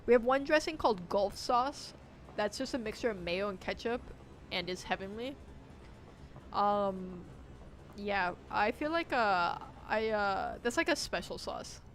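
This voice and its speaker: A woman streaming a game live, chatting and joking with viewers and shouting out loud when things go wrong. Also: medium pitch, lively intonation, unhurried. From United States. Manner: jokey, reacts loudly with sudden shouts. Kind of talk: live gameplay commentary.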